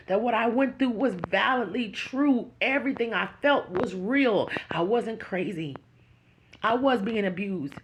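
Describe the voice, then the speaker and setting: A woman's voice: a little high, a little slow, rough recording. A woman hosting her own channel, talking straight to her viewers with earnest, preaching encouragement. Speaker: YouTube channel host. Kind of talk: emotional direct-to-camera talk.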